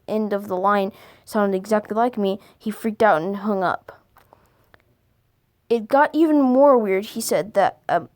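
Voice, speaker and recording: A woman reading scary stories aloud for a video, halting now and then to stumble over and correct her words. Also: medium pitch, a little mellow. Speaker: video creator.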